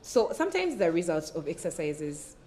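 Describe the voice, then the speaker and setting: A woman in her twenties with a Ugandan English accent, telling a story in a relaxed panel chat and laughing between phrases. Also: sits low, moderate pace. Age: 20s.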